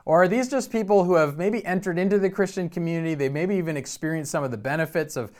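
A man preaching a conversational sermon as pastor, teaching through a passage, stumbling and restarting words, slowing down to stress key points. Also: on the high side.

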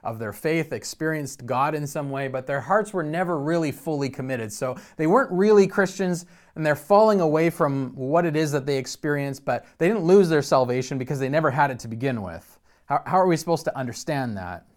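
A man preaching a conversational sermon as pastor, teaching through a passage, stumbling and restarting words, slowing down to stress key points. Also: a little high, lively intonation.

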